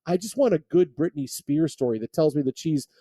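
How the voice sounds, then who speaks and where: A man's voice: on the high side, expressive, brisk, mellow, no echo, clean studio sound. A man hosting sports talk radio, rambling and often restarting his sentences. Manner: rambling, repeats words when restarting thoughts.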